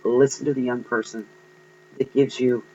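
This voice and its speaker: A man giving an earnest, encouraging tarot reading to viewers, pausing often with ums. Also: medium pitch, little pitch movement, warm tone, breathy edge, lo-fi sound. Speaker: tarot card reader.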